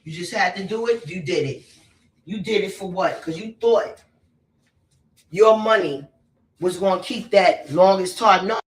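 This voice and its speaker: A woman with a lowish voice speaks a little slowly and pauses often, sounding distant from the mic in a roomy, echoing space. A spiritual messenger and celebrity commentator, she rants casually, bluntly and profanely, repeating her points to hammer them home.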